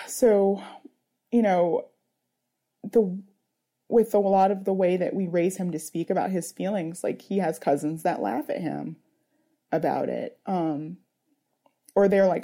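A mother in her thirties talks things through in a personal interview. Her voice is deeply mellow and dark, and she pauses often to find her words. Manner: earnest, searching, with many fillers.

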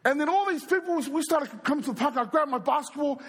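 A male preacher telling stories during a sermon, animated and speaking straight to the crowd. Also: very high voice, quick pace. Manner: animated storyteller who acts out quoted voices and addresses the crowd. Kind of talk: storytelling sermon.

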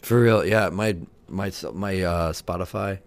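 A young man co-hosting a casual podcast, laid-back and quick to laugh and tease his friend. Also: deep voice, steady tone. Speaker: podcast co-host. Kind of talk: casual chat.

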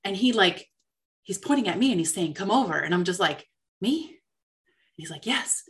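A woman telling a story in casual chat, animated and quoting herself. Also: medium pitch, normal speed.

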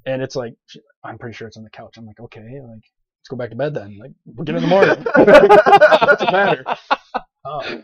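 A man, a podcast guest, telling stories in casual chat, animated, with lots of fillers and laughter in his lines. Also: mid-range voice, fast talker, husky, dry recording. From grew up on a farm. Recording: dull lo-fi podcast audio.

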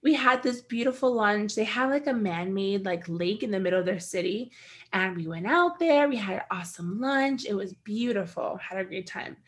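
A young American woman co-hosting a casual podcast tells a travel story, laughing a lot and acting out quotes as an animated storyteller. Her voice is mid-range at normal speed.

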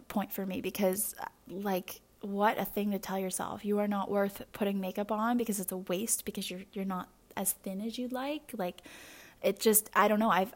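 Candid young woman rambling openly. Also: medium pitch. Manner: candid, rambling, with frequent fillers and restarts. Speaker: podcast host. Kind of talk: personal confessional monologue.

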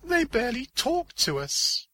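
A man voicing a calm, weary young woman in an audiobook story. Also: very high voice, a little slow, voice pushed up, heavily acted.

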